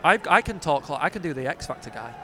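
A man with a Yorkshire accent and a nasal voice co-hosts a podcast, quick and skeptical while watching football outdoors. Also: on the high side, sing-song, pushed and bright. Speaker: podcast co-host, football fan. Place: outdoors at a rainy football ground. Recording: outdoor recording with rain and traffic noise.

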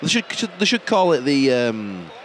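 A man's voice: mid-range voice, normal speed. Jokey man in a stadium crowd. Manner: jokey, excitable, laughs often. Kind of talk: casual banter at a football match. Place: outdoor football stadium. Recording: noisy stadium crowd behind.

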